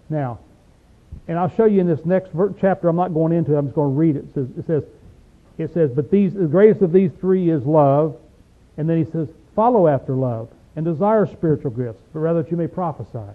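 Male Bible teacher, folksy and emphatic, slightly high voice, tinny lo-fi tape. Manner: folksy, emphatic, reads verses slowly then explains. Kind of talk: informal Bible study sermon.

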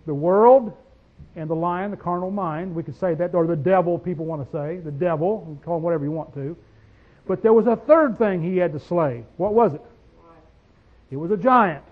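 A man preaching a folksy sermon, reading verses slowly and asking the congregation questions, swinging from quiet asides to loud declarations. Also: high voice, phone-quality sound.

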